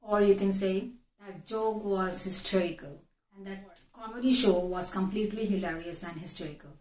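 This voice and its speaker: A woman with an Indian English accent teaches an English vocabulary lesson, repeating each key word. Her voice sits at an ordinary middle pitch. The room around her gives a clear echo. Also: a little mellow. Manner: explains slowly, repeating key words. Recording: echoey room.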